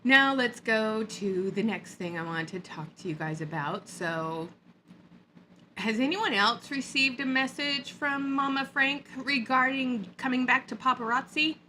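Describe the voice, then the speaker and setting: A woman's voice: on the high side, a little slow, bright, forceful tone, slight background noise. A woman vlogger giving a sarcastic, mocking rant in a hot upstairs room. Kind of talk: ranting commentary vlog.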